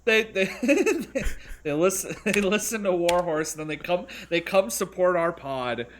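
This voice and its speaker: A man's voice: high-pitched, animated, a little slow, a little hiss or hum. A man co-hosting a podcast in casual chat, joking and slipping into voices. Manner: joking, often puts on voices. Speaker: podcast co-host.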